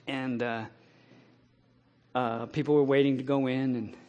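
A middle-aged man preaching a sermon, telling a personal story in a plain way and breaking into loud, impassioned scripture quotes. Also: mid-range voice, little pitch movement, a little slow, muffled recording. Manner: rises to loud impassioned preaching, then drops to quiet storytelling.

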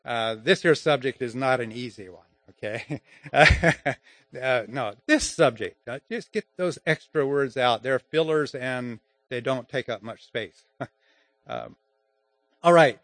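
A man teaches grammar and public speaking to a class, speaking in a halting way with restarts and small chuckles. His voice sits at an ordinary middle pitch and sounds dry and close to the mic. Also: animated, fairly bright tone, dry recording. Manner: halting, many restarts, chuckles between points. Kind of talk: informal classroom lesson.

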